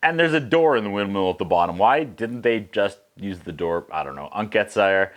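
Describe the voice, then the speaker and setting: A man hosting a casual movie recap, making sarcastic, joking asides and slipping into quick voices for the characters. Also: on the low side, expressive. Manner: casual, profane. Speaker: host.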